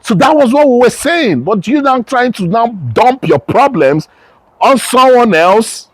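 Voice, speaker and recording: Male sports commentator, fired-up opinion piece, swooping pitch, dry close sound. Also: big pitch swings, unhurried, breathy edge, no echo. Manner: passionate, emphatic, repeats phrases for stress.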